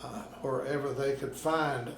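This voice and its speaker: This oral history interview catches a retired Arkansas minister in his nineties at his apartment. Gravelly and slow-spoken, with a medium pitch and steady tone, he takes his time telling stories, with pauses. Background noise fills the roomy home recording.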